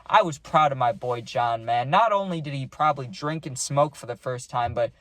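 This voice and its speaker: A man's voice: medium pitch, normal speed, a bit bright, no room sound. A young man casually telling a rambling party story, full of slang and saying "dude" a lot.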